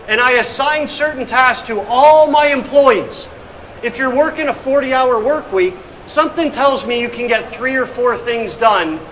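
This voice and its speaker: The voice is a man's, very high and fairly bright, caught on a rough recording with a little hiss or hum. He is a middle-aged hospitality consultant and speaker presenting on hospitality leadership in a conference room, acting out scenes and telling energetic stories.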